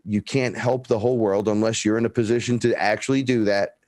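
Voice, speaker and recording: A man's voice: on the low side, brisk, dry recording, clean studio sound. A man telling stories in a casual, profane chat, acting out the dialogue. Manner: profane, animated, acts out dialogue in his stories. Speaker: guest.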